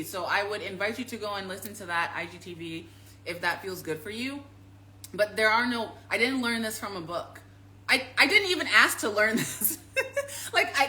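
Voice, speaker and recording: Bright, emphatic woman swearing freely. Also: medium pitch, slight background noise. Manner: swings from loud to hushed confiding. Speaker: spiritual teacher. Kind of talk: casual live-stream talk.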